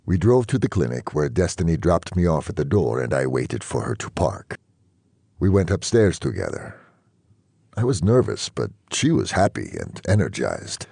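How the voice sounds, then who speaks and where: A man reading a novel aloud in first-person narration, measured and even. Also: very deep voice, vocal fry, breathy edge, no room sound. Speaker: audiobook reader.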